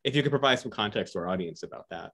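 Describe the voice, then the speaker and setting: A man interviewing an author on a video call, enthusiastic and halting, with frequent restarts. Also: on the low side, lively intonation, vocal fry, a bit bright. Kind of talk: casual conversation.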